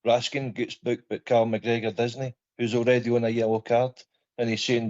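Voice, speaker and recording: A man's voice: mid-range voice, little pitch movement, moderate pace, darkish tone, no echo, dull audio. A Scottish man calling in to a fan radio show, telling a story in a chatty way. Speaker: caller. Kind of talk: phone-in chat.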